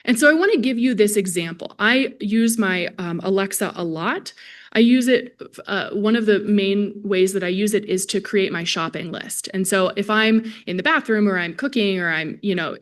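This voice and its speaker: A woman speech-language pathologist giving a conversational conference lecture to a live audience, talking to them directly. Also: medium pitch. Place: lecture hall at a symposium.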